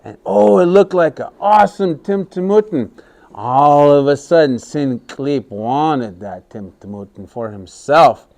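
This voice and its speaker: A man telling a story to a class of young children, animated and often asking them questions. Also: a little high, a little slow, vocal fry.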